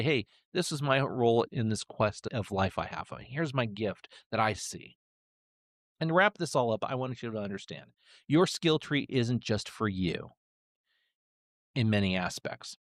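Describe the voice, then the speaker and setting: A man's voice: mid-range voice, dry recording. Earnest man teaching, dry sound. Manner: earnest, restarts and repeats words. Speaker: church stream host. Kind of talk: devotional teaching with gaming terms.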